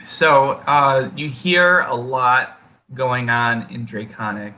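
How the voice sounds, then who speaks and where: Slow, bright-voiced male game master. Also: mid-range voice, steady tone. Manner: unhurried, filler-heavy, explaining patiently. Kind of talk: narrating a tabletop game.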